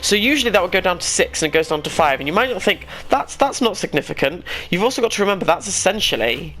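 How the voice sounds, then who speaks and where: A man's voice: sits high, very animated, fast talker, bright, forceful tone. A man giving casual let's-play commentary, thinking aloud as he plays and poking fun at himself now and then. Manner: thinks aloud, rambling and self-deprecating. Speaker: gaming YouTuber.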